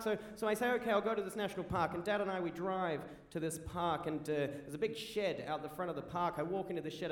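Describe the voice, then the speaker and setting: A young Australian man telling an animated stand-up story on stage, raising his voice at the punchlines. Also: a little high. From rural South Australia. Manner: animated, rising to shouts at punchlines. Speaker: stand-up comedian. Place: live comedy venue. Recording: roomy live venue.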